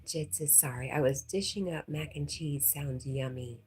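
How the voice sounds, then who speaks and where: Low husky woman chatting on a livestream. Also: normal speed, darkish tone. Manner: reads viewer comments aloud and chats back, laughing often. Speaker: livestream host. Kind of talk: casual livestream chat.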